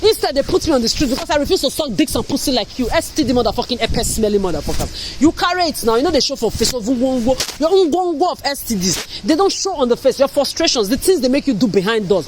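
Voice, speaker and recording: A woman from Africa speaks straight to her viewers in a furious, accusatory rant. She curses freely and circles back to the same charges again and again. The delivery is harsh and relentless, with the steady, unscripted cadence of a spoken vlog. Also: high-pitched, fast, few pauses, noisy background. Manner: furious, repetitive, cursing, accusatory. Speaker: vlogger. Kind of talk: angry monologue rant.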